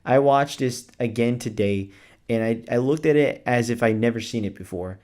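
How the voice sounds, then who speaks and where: Male vlogger, mid-pitched, excitable, casual chatter full of fillers, drops the occasional swear. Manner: gushing, enthusiastic, talks fast with filler words. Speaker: movie reviewer. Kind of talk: casual movie review vlog.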